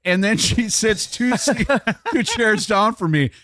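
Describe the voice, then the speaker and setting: A man's voice: sits high, animated, unhurried, pushed and bright. A middle-aged man chatting casually on a podcast, animatedly telling a funny story and laughing as he talks.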